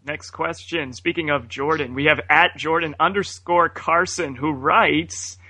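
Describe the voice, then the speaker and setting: A man's voice: fairly high pitch, a little slow, sharp tone, no room sound. A man co-hosting a podcast, joking casually and reading out listener questions. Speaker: podcast co-host. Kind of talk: casual chat.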